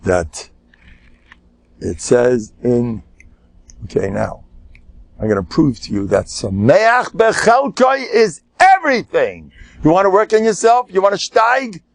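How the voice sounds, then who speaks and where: An older male rabbi teaches a lively, informal class, spinning stories and firing rhetorical questions at his audience. His voice sits a little high for a man, and the sound is close and dry with no room echo. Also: measured pace, creaky. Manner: animated, joking storyteller with rhetorical questions. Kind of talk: informal Torah lecture.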